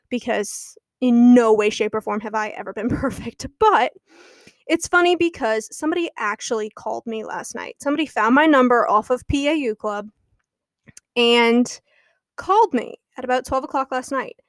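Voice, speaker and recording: A young adult woman with a higher voice hosts her own podcast, recorded clean in a studio with no room sound. She chats and gossips casually, frequently laughing as she talks.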